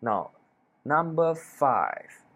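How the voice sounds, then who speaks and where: A man giving a self-improvement lesson to camera, talking deliberately with pointed pauses and falling sentence endings. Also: a little high, very animated, a bit bright. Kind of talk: instructional talk to camera.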